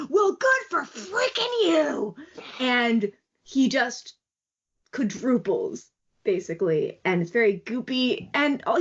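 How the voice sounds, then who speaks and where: A woman's voice: a little high, fairly bright tone. A woman co-hosting a podcast, rambling eagerly in casual fan discussion. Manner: enthusiastic, rambling with many fillers. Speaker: podcast co-host. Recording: dull lo-fi audio.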